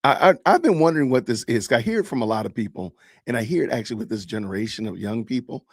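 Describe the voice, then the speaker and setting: Lively, dry-voiced male podcast host. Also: mid-range voice, fast talker, no room sound. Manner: animated, joking, talks to live chat. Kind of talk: casual commentary on videos.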